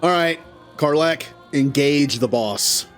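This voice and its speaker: A man commentating a game as he plays, jumping from easy chatter to loud, high yelps whenever a fight turns bad. He talks straight to the characters on screen, with faint game music underneath. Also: slow. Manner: excitable, yelps loudly at setbacks. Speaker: gaming channel host. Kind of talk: live gameplay commentary.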